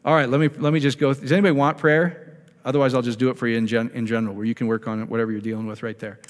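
A man in a mid-range voice leads a group through prayer steps in a relaxed, conversational way, asking the audience questions as he goes. His voice rings out with long reverb in a meeting hall. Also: mid-range voice, racing. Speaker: ministry speaker leading prayer. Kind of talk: informal teaching to a live group.

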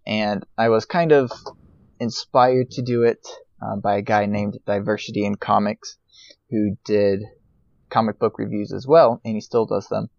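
Low-voiced man, hesitant, on dull lo-fi audio. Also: fairly even intonation, vocal fry, a little mellow, no echo. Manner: hesitant, with many uh and um pauses. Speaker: podcast guest. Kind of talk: casual podcast interview.

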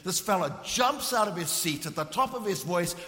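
A middle-aged man from Africa, preaching a passionate sermon that swings from ringing emphasis to hushed intensity. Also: high voice, expressive, moderate pace. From South Africa. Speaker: visiting preacher. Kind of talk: sermon with storytelling. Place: church hall. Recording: long reverb of a large hall.

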